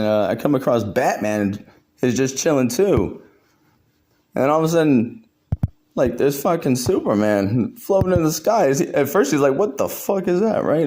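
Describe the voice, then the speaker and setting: A man's voice: mid-range voice, darkish tone. A man doing a casual comedic voiceover, laughing often and full of slang and swearing. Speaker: comedic narrator.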